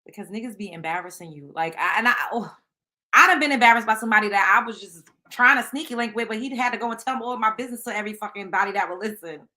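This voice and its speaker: A woman's voice: medium pitch, fast, pushed and bright. A woman hosting a casual gossip show, talking bluntly and with plenty of profanity straight to her listeners. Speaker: show host.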